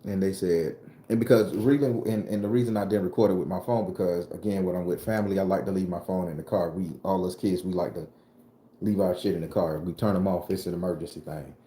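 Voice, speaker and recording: A man telling a personal story in a casual, profane way, moving between calm telling and loud outbursts. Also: deep voice, quick pace, echoey room, a little hiss or hum. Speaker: vlogger and tarot reader.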